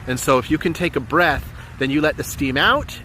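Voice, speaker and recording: Male relationship coach with a bright, forceful voice and an earnest, encouraging delivery that hammers home each step; recorded outdoors with faint noise behind. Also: on the high side, moderate pace. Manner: earnest, encouraging, repeats key points. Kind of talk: motivational coaching talk to camera.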